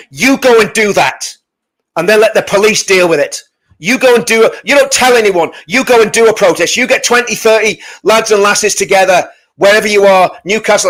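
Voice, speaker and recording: High-voiced man ranting hard. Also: fairly bright tone, rough recording. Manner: emphatic, repetitive, keeps adding "right?". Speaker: activist addressing viewers. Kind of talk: impassioned on-camera rant.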